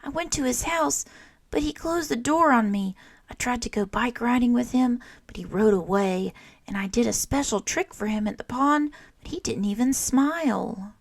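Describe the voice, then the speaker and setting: A woman's voice: fairly high pitch, normal speed, creaky, dry recording, pitched above the performer's own voice. A woman voicing a young boy turtle who is sorry and eager, in a children's storybook read-aloud. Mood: sad, earnest. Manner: earnest, pleading.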